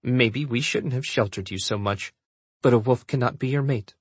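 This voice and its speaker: A man voicing a worried, overbearing middle-aged mother in an audiobook, pleading and insistent, with a husky voice. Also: medium pitch, moderate pace, dry recording. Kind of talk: audiobook character voice.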